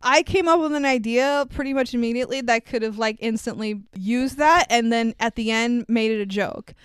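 A woman with a high, smooth voice hosts a casual movie review chat. She is animated, laughs often and swears without a second thought, and the sound is close and dry. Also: moderate pace, no room sound. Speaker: podcast host.

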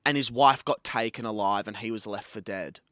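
A young man co-hosting a podcast, chatting casually, swearing and telling an animated story. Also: fairly low pitch, fairly quick, dry recording, clean studio sound. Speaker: podcast co-host. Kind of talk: casual chat.

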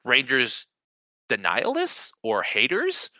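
A man co-hosting a podcast in casual sports chat, talking in an animated, excitable way and often repeating words as he starts a sentence. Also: medium pitch, takes it slowly, dry recording. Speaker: podcast co-host.

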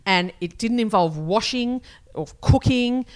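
Rambling Australian woman, lively pitch. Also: measured pace. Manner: rambling storytelling, swearing, acts out family members. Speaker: podcast co-host. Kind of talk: casual chat.

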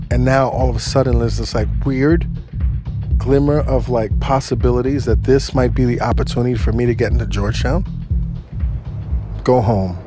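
Man telling a story over music. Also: mid-range voice. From United States. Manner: animated, heavy use of 'like'. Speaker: storyteller guest. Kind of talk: personal storytelling. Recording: music playing underneath.

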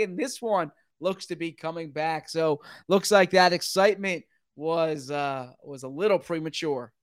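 A man calling football play-by-play in a brisk, running commentary style that climbs quickly when big plays happen. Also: high voice, clear, resonant tone, dry recording, clean studio sound. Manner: brisk, rising sharply with excitement at big plays. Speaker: play-by-play announcer.

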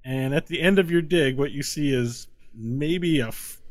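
A man narrating a tabletop game as game master, describing scenes slowly. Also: fairly high pitch, dry recording. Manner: slow, descriptive, chuckling between scenes.

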